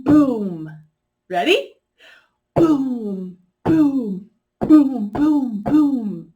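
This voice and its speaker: A woman's voice: mid-range voice, a little mellow. A woman teaching a kindergarten music lesson, leading children through animal sounds for a story.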